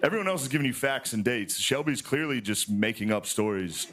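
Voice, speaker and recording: A man delivering a stand-up monologue as host of a sketch show, rambling and conversational, with sudden high exclamations. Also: expressive, a little fast, fairly bright tone. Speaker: comedian hosting a sketch show.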